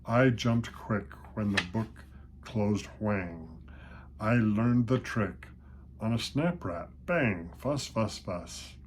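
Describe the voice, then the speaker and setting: A man's voice: fairly low pitch, expressive, slow, slight background noise. A man voicing a small, hungry male church mouse who fusses and writes little poems. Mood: plaintive. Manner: pleading and fretful.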